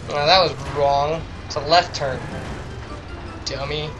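A man's voice: on the high side, steady tone, moderate pace, low-quality recording. A man casually commentating a video game, rambling and joking at his own expense. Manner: rambling, self-deprecating, chatty asides. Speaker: let's play commentator. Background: game music.

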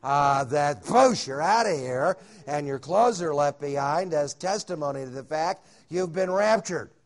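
A man's voice: on the high side, unhurried. A man teaching at a Bible conference, talking in a folksy sermon style with frequent "uh" fillers and humorous asides. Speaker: conference speaker. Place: hotel conference room.

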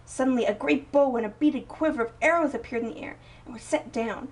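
A woman reading a picture book aloud in a slow, expressive storytelling manner. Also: high-pitched. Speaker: storybook reader. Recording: voice a bit distant from mic.

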